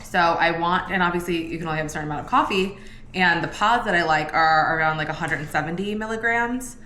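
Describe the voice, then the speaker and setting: A young woman talks to the camera at home in a loose, chatty way, filling gaps with "like." She sounds tired. Her voice sits a little low, with a faint hiss in the background. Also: fast, bright, forceful tone, reverberant. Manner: chatty, says "like" often. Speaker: vlogger. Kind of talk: casual pregnancy vlog.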